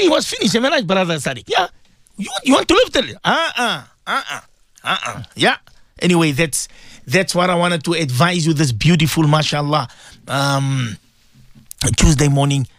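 A man's voice: very high voice, a bit bright, no room sound, clean studio sound. A man, a radio host and cleric, giving fervent sermon-style morning advice to his listeners, with emphatic repetition and rhetorical questions. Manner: fervent preaching with a repeated refrain to listeners.

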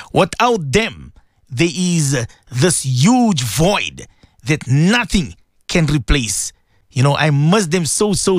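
A man leads a call-in radio show as a cleric. His fairly high voice rises and falls a great deal, and he often circles back to the same phrase. The sound is close and dry, from a studio microphone. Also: no room sound. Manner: heartfelt, repetitive, reads out listener messages. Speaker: radio host and Muslim cleric. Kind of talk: emotional call-in radio talk.

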